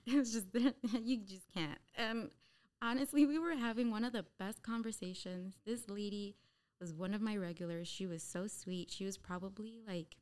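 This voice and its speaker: A woman's voice: mid-range voice, unhurried, darkish tone. A woman telling candid stories from her waxing work in a casual chat, laughing often. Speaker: waxing specialist.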